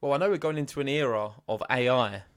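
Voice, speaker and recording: Man, podcast co-host, emphatic, mid pitch, dry sound. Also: quick pace, no room sound. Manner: emphatic, builds up enthusiastically. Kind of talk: casual tennis chat.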